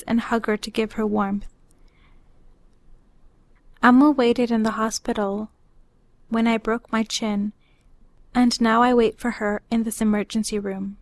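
A woman reading her own personal story aloud in a measured, unhurried way. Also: fairly high pitch, no room sound.

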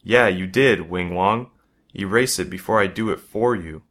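A man reading a story aloud, voicing a crude, mocking schoolboy bully in his own low voice. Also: moderate pace, a bit bright. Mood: taunting. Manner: taunting, crude.

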